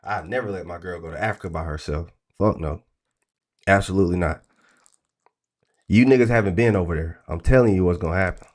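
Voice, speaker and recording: A man hosting a livestream, talking in a blunt, crude, animated rant full of profanity. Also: low voice, brisk, pauses often. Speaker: trading stream host.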